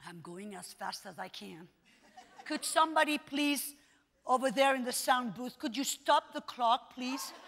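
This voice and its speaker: A woman preaching a sermon at a conference, swinging between hushed, intimate lines and emphatic shouts. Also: high-pitched, measured pace, gravelly, in a large hall, a little hiss or hum. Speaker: conference speaker. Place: conference hall.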